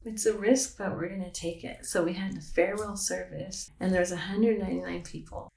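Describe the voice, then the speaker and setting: A woman's voice: on the low side, fairly even intonation, fairly quick, gravelly, darkish tone, roomy sound. A woman telling a long story in a casual chat, rambling with many fillers. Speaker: guest, pastor's wife.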